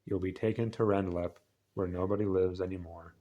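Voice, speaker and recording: A man's voice: sits low, steady tone, dull audio, close to an everyday voice. A man reading as a grave, solemn alien forest leader. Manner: slow, grave, measured. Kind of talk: reading a novel aloud.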